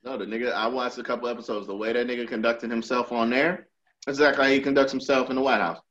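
A man's voice: medium pitch, fairly even intonation, fast talker, a bit bright, dull audio. A man co-hosting a casual podcast, blunt and profane, mocking and laughing as he talks. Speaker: podcast co-host. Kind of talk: casual chat.

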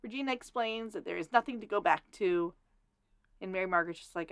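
A woman's voice: mid-range voice, clean tone, no echo. Sweary woman recapping a show. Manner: sweary, acts out characters in quick asides. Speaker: podcast co-host. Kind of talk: casual recap chat.

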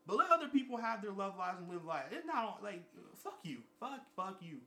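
Rambling, profane young man, somewhat high voice. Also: big pitch swings, brisk, pushed and bright. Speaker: vlogger. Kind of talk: casual monologue.

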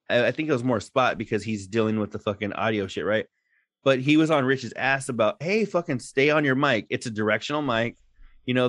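With a mid-range, fairly bright voice, this male podcast co-host rambles through casual conversation, swearing without restraint and laughing often. The recording is dry with clean studio sound.

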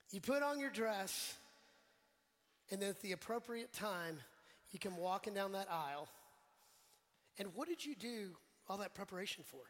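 High-voiced man preaching in an echoing church. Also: fairly bright tone. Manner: conversational, quizzes the congregation, jokes. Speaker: pastor. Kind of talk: sermon. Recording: long church hall reverb.

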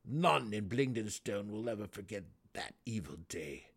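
A man doing a growling, suspicious deep gnome. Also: very animated, a little slow, gravelly, breathy edge, heavily acted. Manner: growling, demanding. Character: gruff stocky deep gnome guard, male, suspicious.

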